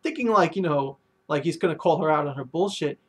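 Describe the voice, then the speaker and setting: A man with a somewhat high voice talks through a manga chapter in a loose, casual review. He rambles, filling his sentences with ums, likes and you-knows. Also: fairly quick, slightly rough.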